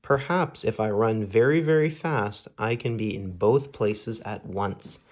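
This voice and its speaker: A gentle, sentimental little owl from a storybook, as a man reads him aloud. He speaks in simple, earnest sentences, slowly and in a fairly low voice. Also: lo-fi sound. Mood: puzzled.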